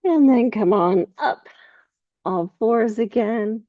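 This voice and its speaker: A woman teaching a yoga class, giving slow, calm cues with soft laughs between poses. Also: a little high, no room sound, phone-quality sound. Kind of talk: guided yoga class instruction.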